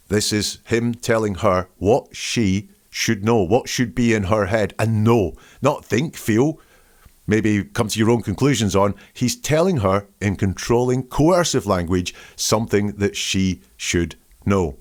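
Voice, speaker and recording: A man with a somewhat low voice delivers analytical commentary as a show host. He talks with emphasis and breaks statements down word by word. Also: unhurried. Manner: emphatic, dissecting phrases word by word.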